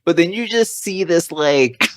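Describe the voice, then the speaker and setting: A man in casual podcast banter, his pitch rising and falling as he tells stories. He jokes around and drops into quick mock voices. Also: clear, resonant tone, dry recording, studio quality. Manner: animated, jokey, slips into mock voices. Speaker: comedian guest.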